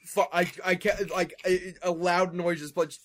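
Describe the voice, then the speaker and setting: A man's voice: sits high, flat delivery, moderate pace. A man co-hosting a casual comedy podcast, bantering with sarcastic, mock-outraged jokes. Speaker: podcast co-host.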